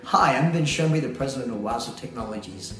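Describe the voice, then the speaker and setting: A man's voice: mid-range voice, animated, fast talker. Chatty man in a very echoey room. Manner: chatty, asks rhetorical questions and laughs often. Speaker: company president. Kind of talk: explainer talk to camera. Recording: very echoey room with faint music.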